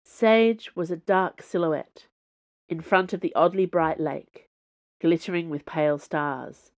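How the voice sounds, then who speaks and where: A woman author reading her fiction aloud as a podcast host, in measured storytelling. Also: on the low side, darkish tone. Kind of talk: audiobook narration.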